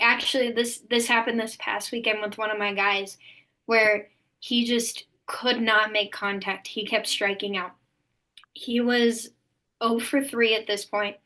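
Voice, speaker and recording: A woman college coach chatting on a panel with a fairly high voice. She talks in an upbeat, encouraging way and says "like" a lot. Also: bright, forceful tone. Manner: upbeat, encouraging, uses "like" often. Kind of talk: casual chat.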